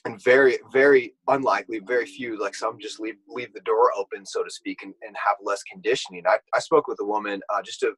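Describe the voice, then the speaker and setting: A man's voice: lowish voice, steady tone, fast, hardly any pauses, a bit bright, poor audio. A man who is a guest on a podcast, speaking about his mentoring work in a reflective way and often laughing. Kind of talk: casual podcast conversation.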